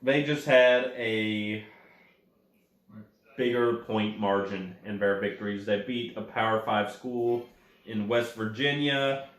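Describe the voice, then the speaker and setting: A man's voice: on the low side, slow, reverberant. A man hosting his own college football rankings in a chatty way, talking straight to the teams and correcting his own slips. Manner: chatty, addresses teams directly, corrects himself. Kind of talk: casual sports commentary.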